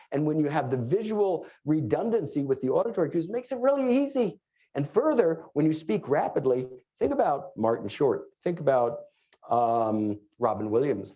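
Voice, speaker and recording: Man, New York accent, rapid conference lecture, fillers and wisecracks, muffled lo-fi sound. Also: a little high, mellow. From New York City. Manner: fast-talking, joking asides, many fillers. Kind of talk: live conference presentation. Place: conference room before an audience. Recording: dull lo-fi room recording.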